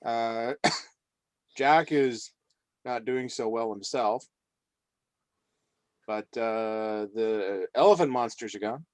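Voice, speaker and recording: A man speaks slowly at the gaming table, pausing and restarting as he thinks. His voice sits in an ordinary range and the recording is dry and close. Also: mid-range voice, no room sound. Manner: hesitant, halting speech. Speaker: player. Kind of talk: casual tabletop play.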